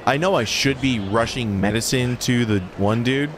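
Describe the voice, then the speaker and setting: A man voicing a laid-back middle-aged gangster who talks in a low, dry drawl. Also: normal speed, background noise, natural voice.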